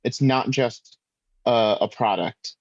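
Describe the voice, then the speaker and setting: A man's voice: mid-range voice, slow, no echo. Laid-back man on a dull, lo-fi podcast mic. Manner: relaxed, thinks aloud with many fillers. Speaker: podcast co-host. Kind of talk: casual chat.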